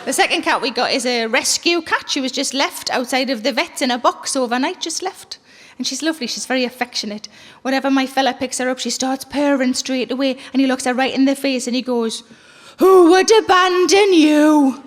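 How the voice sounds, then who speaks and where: Performing stand-up on a theater stage before a live audience, a middle-aged woman tells stories bluntly and animatedly, swearing freely. Her high voice moves fast with hardly any pauses, and the sound carries the feel of a large hall.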